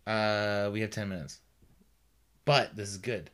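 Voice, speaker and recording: A man's voice: on the low side, unhurried, a bit bright. A man co-hosting a podcast, chatting casually, teasing and laughing often. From West Coast of the US. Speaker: podcast co-host. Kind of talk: casual chat.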